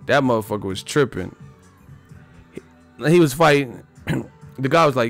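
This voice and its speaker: A man's voice: mid-range voice, expressive, unhurried, creaky, pauses often, faint music behind. A man hosting a livestream, rambling profanely about boxing in casual talk, often laughing. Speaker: livestream host.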